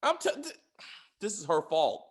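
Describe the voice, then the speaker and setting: A man's voice: high voice, big pitch swings, normal speed. A man hosting a casual spoiler review of a TV series, ranting with exasperated, profane commentary. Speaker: podcast host reviewing a TV series.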